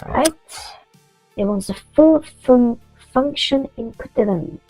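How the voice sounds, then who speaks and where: A woman's voice: on the high side, slow pace, gravelly, darkish tone, no room sound, soft background music, rough recording. A woman chatting casually while coding on stream, rambling through stories and swearing freely.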